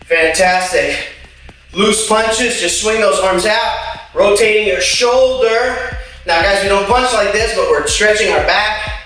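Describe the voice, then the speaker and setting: A cheerful male martial arts instructor talks his students through warm-ups, loudly counting reps. His voice is high and bright, and his slow delivery is drawn out. He sounds distant in a very echoey room, with faint music playing behind him. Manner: upbeat, encouraging, playful; loud counting and shouted kiai. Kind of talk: at-home workout class, counting reps.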